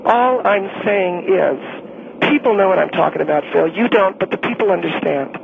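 A high, gravelly woman's voice, put on by a man, crackles down a tinny phone line. She is a pushy, condescending middle-aged association president who talks down to everyone. Faint hiss sits underneath. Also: normal speed. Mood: indignant. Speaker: caller on a talk show.

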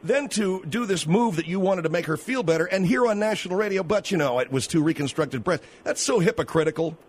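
A man's voice: high-pitched, lively intonation, slightly rough. A man hosting a comedic talk radio show, combative and incredulous, reeling off the call-in number. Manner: combative, incredulous, rapid-fire call-in plugs.

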